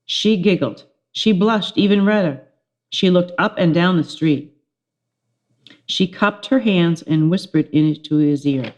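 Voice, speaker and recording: A middle-aged woman, a teacher, reading a children's chapter book aloud, telling it with lively expression. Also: on the low side, unhurried. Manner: expressive storytelling with character voices.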